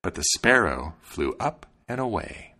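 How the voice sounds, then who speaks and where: A man hosting a podcast, reading a fairy tale aloud with expressive storytelling. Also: low voice, unhurried. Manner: expressive storytelling, polite sign-off. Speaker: podcast host and narrator.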